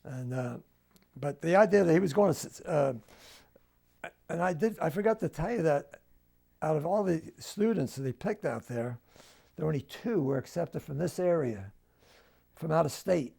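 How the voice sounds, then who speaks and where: A man's voice: fairly high pitch, expressive, normal speed, vocal fry, long pauses, dark tone. An older man with a New Jersey accent, telling family stories in an oral history interview at home and acting out the dialogue. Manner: storytelling, acts out quoted dialogue.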